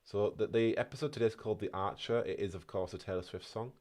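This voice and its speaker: Talking fast in a lowish, slightly mellow voice, this Yorkshire-accented man from North Yorkshire, England, gives casual gaming commentary. He reads his stream's chat aloud as he plays.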